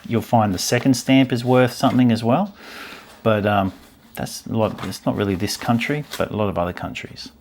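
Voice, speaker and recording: Gravelly-voiced man chatting about stamps. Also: lowish voice, slight background noise. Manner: chatty, musing aloud, easily delighted. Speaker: stamp collecting channel host. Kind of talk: casual chat while browsing an album.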